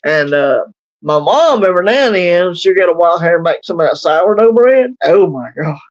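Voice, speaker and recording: A man's voice: high voice, expressive, normal speed. A middle-aged man from Louisiana with a Southern accent, chatting casually on a livestream with many fillers and a drawl. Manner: rambling, drawling, heavy on fillers. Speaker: livestream co-host. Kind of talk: casual chat. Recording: lo-fi livestream audio.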